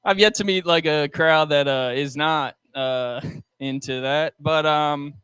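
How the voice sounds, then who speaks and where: A young man doing a stand-up set with crowd work on a restaurant stage, talking haltingly with many ums and likes into a handheld mic. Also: fairly high pitch, a bit bright, smooth, dry recording. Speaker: stand-up comedian.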